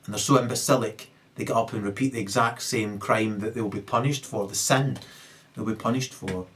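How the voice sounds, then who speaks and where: A man's voice: lowish voice, steady tone, a bit bright, a little hiss or hum. Profane man ranting. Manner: profane, emphatic, halting with restarts. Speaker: comedic commentator.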